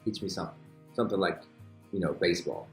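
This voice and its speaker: A man's voice: low-pitched, quick pace. A man interviewing a young woman in a friendly, rambling way with many fillers. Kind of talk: casual interview. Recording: roomy echo with faint music.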